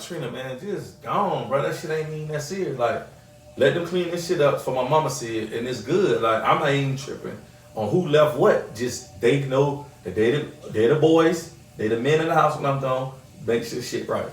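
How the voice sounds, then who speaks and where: A male podcast host tells stories casually and with animation, acting out the voices of people he quotes. His voice is mid-range and his pace moderate, picked up from a distance by a mic in an echoey room.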